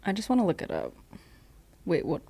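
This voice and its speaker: Low-voiced woman reacting in dry chat. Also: wildly swooping pitch, a little fast, vocal fry, dark tone, breathy edge, dry recording. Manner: reactive listener, short interjections and questions. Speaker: podcast co-host. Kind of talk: casual podcast chat.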